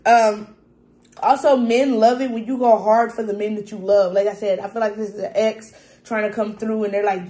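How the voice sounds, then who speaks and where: A woman's voice: mid-range voice, steady tone, normal speed, mellow, roomy sound. A woman giving a casual, chatty tarot reading to her viewers, often checking in with "okay?" and laughing as she goes. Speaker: tarot reader.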